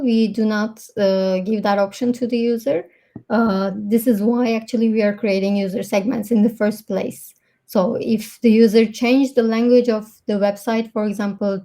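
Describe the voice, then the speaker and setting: A woman in customer support giving a live webinar demo over a video call, explaining product settings with frequent ums and pauses. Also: mid-range voice, mellow. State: out of breath.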